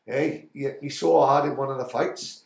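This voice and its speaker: A man's voice: mid-range voice, fairly even intonation, moderate pace, creaky. A man chatting on a podcast, swearing and telling rambling stories with lots of laughs. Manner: sweary, storytelling, laughing often. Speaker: podcast guest. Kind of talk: casual chat. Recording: echoey room with crowd noise.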